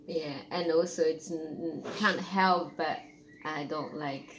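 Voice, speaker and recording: Halting woman, low and slow. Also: steady tone, a little hiss or hum, poor audio. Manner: halting, giggly. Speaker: guest. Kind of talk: casual chat.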